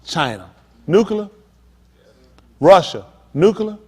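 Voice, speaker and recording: A man's voice: high voice, big pitch swings, slow, breathy edge. A male pastor preaching a sermon, talking straight to the congregation with emphatic, pressing questions. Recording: long hall reverb.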